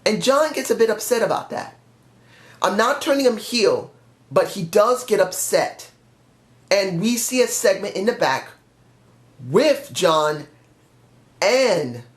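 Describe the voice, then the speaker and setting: A man talks through a fantasy wrestling storyline in a loose, rambling way and often corrects himself mid-sentence. His voice sits a little high. The recording has a roomy echo. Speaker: fan pitching a wrestling storyline. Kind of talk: casual rambling commentary.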